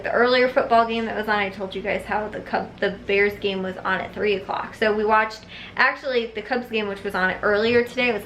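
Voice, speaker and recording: A woman's voice: medium pitch, fairly bright tone, slight background noise. A young woman chatting casually to her camera at home, laughing often and filling her talk with "like" and "um". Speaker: vlogger. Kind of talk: casual vlog chat. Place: home, indoors. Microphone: handheld camera.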